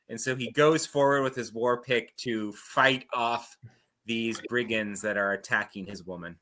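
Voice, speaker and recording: Brief: male author, player at a tabletop game, chatty and meandering, bright tone. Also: medium pitch, steady tone, a little slow. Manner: chatty, meandering, frequent fillers. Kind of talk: casual tabletop game chat.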